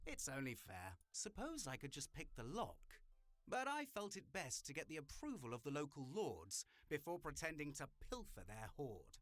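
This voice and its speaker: A man's voice: fairly high pitch, wildly swooping pitch, moderate pace, fairly bright tone. A man voicing a courtly, roguish male arcade thief with theatrical, old-fashioned phrasing, reading a visual novel aloud.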